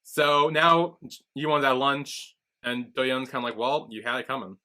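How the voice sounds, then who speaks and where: A podcast co-host with a medium-pitched voice talks at normal speed, casually going over episodes. He livens up the retelling by doing voices for the characters' lines.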